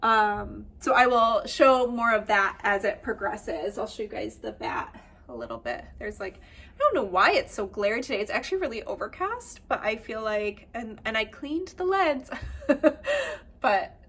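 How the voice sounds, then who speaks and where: A woman's voice: a little high, very animated, unhurried, a bit bright. A woman with a slightly nasal voice, chatting casually to camera as the host of a knitting and spinning vlog. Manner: chatty and upbeat, many fillers and little laughs. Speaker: knitwear designer and vlog host.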